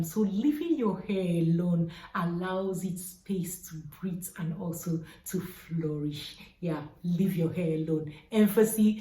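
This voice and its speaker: A woman's voice: on the low side, dark tone, roomy sound, rough recording. A woman giving earnest hair-care advice in a vlog, repeating her key points with urging emphasis.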